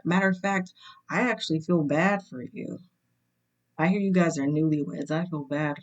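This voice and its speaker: A young woman hosting her channel, telling a personal story in a casual, measured way and checking in with "right?" asides. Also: deep voice, lo-fi sound.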